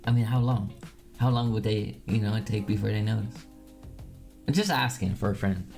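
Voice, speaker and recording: A fairly low-voiced man with a gravelly, slightly worn edge to his voice chats casually on a live stream. He reads out messages and teases viewers in a playful, mock-menacing way. Faint music sits behind him. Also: a little slow, darkish tone. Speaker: streamer reading chat.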